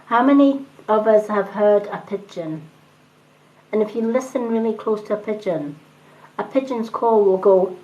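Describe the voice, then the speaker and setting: A middle-aged woman giving a gentle, chatty spiritual talk to viewers on a live stream. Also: fairly high pitch, moderate pace, muffled recording. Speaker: tarot reader on a live stream.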